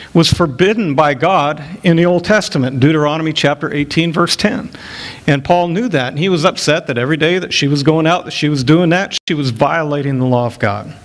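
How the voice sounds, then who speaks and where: A middle-aged male pastor preaching an expository sermon, rising to emphatic peaks when he quotes scripture. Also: on the high side.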